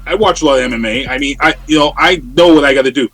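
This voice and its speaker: A man, a guest on an interview show, telling a story in a casual, animated way over a remote call. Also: on the high side, rapid-fire. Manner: animated, acts out quoted voices. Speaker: interview guest, radio personality. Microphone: remote call from home.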